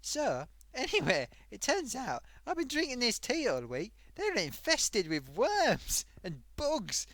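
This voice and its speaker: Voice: slow pace, hardly any pauses, dry recording, exaggerated voice. A performer voicing a chatty old grandmother sock puppet who hosts a live stream and tells a rambling story. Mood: amused. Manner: rambling, animated, wild pitch swings.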